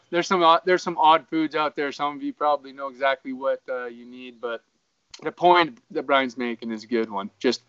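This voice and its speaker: A man's voice: medium pitch, fairly bright tone, no room sound, dull audio. Man from Idaho, distant dry mic. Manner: chatty and joking, with fillers. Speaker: podcast co-host. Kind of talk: casual chat.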